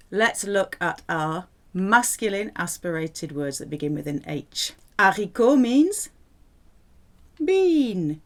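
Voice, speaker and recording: A woman teaching a French language lesson, clear and playful as she explains vocabulary. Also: medium pitch. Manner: lively, clear teaching delivery with playful asides.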